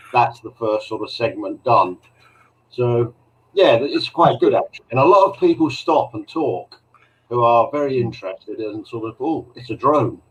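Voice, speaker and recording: A man on a live call-in style show, talking about his week in an easy, rambling way. His pitch sits mid-range and he often stumbles and restarts before he gets a story going. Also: a bit bright, lo-fi sound. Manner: chatty storyteller, hesitant with repeated starts. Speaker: drone pilot and show regular. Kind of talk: casual chat on a live show.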